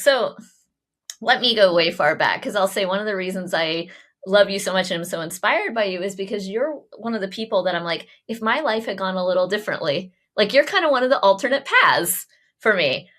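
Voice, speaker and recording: Effusive woman podcast host in her 40s. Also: medium pitch. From Oklahoma. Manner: animated, effusive, laughs often. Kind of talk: casual interview chat.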